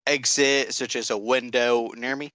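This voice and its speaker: A man's voice: mid-range voice, fairly even intonation, a little slow, bright, forceful tone, no echo, low-quality recording. A man playing a tabletop game, asking hesitant questions about his turn. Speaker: player.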